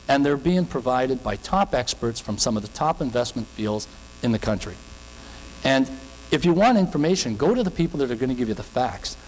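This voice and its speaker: A man's voice: medium pitch, in a large hall, a little hiss or hum, poor audio. A man with a Canadian accent giving a seminar talk as a financial advisor, earnest and conversational, full of anecdotes. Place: seminar room.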